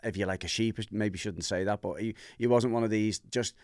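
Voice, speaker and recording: A host from Merseyside, telling a candid personal story on a podcast and acting out the voices in it. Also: male voice, on the low side, a little fast, no room sound, studio quality. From Merseyside, England. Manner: animated, acts out voices in his anecdotes.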